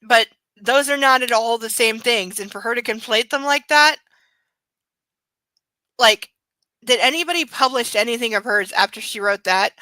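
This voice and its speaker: A woman with a bright, forceful, somewhat high voice reads a book aloud, then tears into it with constant swearing. She rants freely, leaning on "like" and "literally" as she goes. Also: moderate pace, no echo. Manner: peppers speech with "like" and "literally". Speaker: book club streamer reading a novel aloud. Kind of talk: reading aloud with profane ranting commentary.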